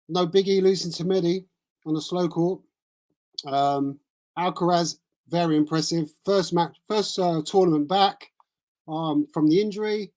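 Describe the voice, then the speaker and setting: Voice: mid-range voice, darkish tone. Casual tennis streamer, mid-range voice, rambles with fillers. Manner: rambling, chatty, thinks aloud with fillers. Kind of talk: casual live-stream chat. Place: cold room at home with a small heater.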